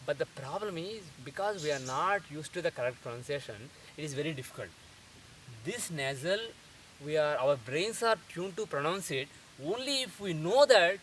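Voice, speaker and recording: A man teaching pronunciation in a methodical lecture, repeating sounds slowly to show them. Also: fairly high pitch, fairly bright tone. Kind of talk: explanatory lecture. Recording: distant mic with faint hiss.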